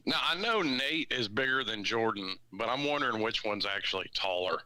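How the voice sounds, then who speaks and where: A man chatting casually on an online show, laid-back and giving dry, deadpan replies. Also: mid-range voice, normal speed. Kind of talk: casual chat. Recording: rustling, noisy mic.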